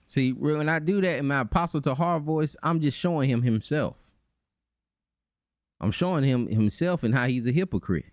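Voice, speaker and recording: A man hosting a reaction commentary, animated and mocking, breaking into voices to make his points. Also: mid-range voice, moderate pace, dry recording, studio quality. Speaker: channel host.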